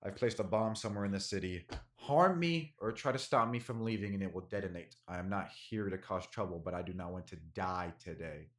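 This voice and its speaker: A man voicing a secretive, black-furred male cat-folk informant who speaks in a low, measured, guarded way. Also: fairly bright tone.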